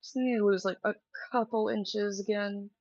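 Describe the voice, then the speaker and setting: A woman's voice: mid-range voice, fairly even intonation, normal speed, a little mellow, no room sound. A young woman chatting candidly and directly to viewers on a casual live stream from a room at home. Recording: dull lo-fi stream audio.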